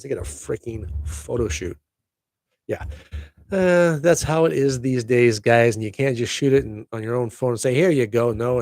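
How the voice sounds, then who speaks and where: A man's voice: mid-range voice, vocal fry, a little mellow, dry recording. A middle-aged man hosting his own podcast, chatty and upbeat with jokey asides. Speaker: podcast host. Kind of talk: casual solo podcast chat.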